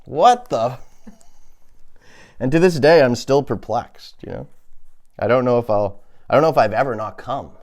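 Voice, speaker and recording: A man's voice: medium pitch, animated, a little fast, a little mellow. A man doing a crude, rambling comedy monologue, often laughing at his own jokes. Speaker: comedy podcast host.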